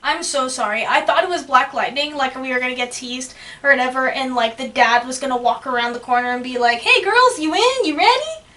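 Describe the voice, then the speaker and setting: A young woman co-hosting a casual reaction chat, excitable, swearing and laughing often. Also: high voice, a little fast, hardly any pauses. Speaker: reaction channel co-host. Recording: distant mic, faint music behind.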